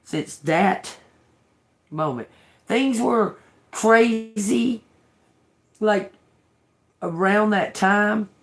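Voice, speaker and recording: A woman hosting a tarot livestream who tells a personal story casually. She talks frankly, swears a lot, repeats phrases and breaks into laughter often. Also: medium pitch. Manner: drawling, repeats herself. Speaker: tarot reader livestream host.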